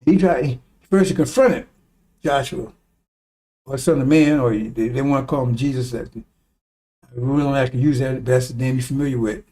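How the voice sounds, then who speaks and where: Here a man delivers informal religious teaching in a mid-range, dark voice at a moderate pace. He rambles with emphasis and lets curses slip when he gets heated.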